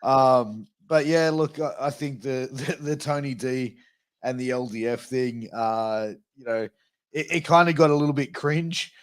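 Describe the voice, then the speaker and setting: A man's voice: mid-range voice, a little slow, no room sound, clean studio sound. A man co-hosting a wrestling review podcast in casual chat, laid-back and swearing casually. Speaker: podcast co-host.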